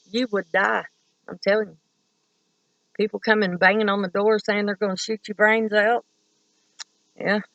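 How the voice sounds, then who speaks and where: A woman's voice: mid-range voice, fairly bright tone, no room sound, rough recording. A woman from Kentucky telling stories in a rambling, profane, blunt way. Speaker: vlogger. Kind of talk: casual storytelling.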